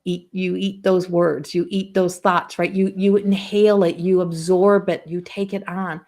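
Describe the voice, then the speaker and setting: A woman's voice: lowish voice, flat delivery, measured pace, a little mellow. A woman spiritual coach giving a casual live-stream talk, telling personal stories in a rambling way with frequent restarts.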